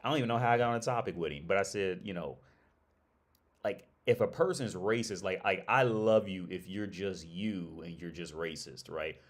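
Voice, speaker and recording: Deep-voiced man rambling on a livestream. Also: normal speed. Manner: rambling, restarts phrases often. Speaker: livestream host. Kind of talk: casual livestream chat. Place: living abroad in Prague.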